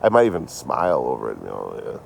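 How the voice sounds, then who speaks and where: Gravelly and rumbling low yet a little mellow, his voice swings hugely in pitch as he talks fast. He's a tipsy man on a phone livestream, casually swearing, rambling and swapping sarcastic jokes with viewers over slight background noise.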